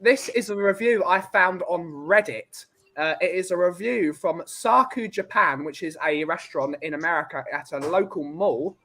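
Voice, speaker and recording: A man's voice: high voice, moderate pace, bright, forceful tone. A man hosting a casual podcast, reading out reviews and quizzing his guests. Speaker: podcast host running a quiz segment. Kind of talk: casual chat.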